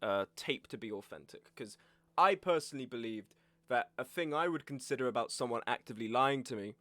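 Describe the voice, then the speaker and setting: A man's voice: mid-range voice, lively intonation, fairly quick, fairly bright tone, no echo. Young male streamer with a sore throat, wry and chatty, on a dry close mic. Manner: chatty, wry, reads chat aloud while eating. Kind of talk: casual game stream commentary.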